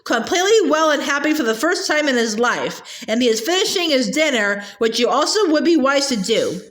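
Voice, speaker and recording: A woman reads a novel aloud in a high voice. She stumbles and restarts on words now and then and lifts her pitch for the dialogue. The room around her is echoey. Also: expressive, a little fast, fairly bright tone. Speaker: reader.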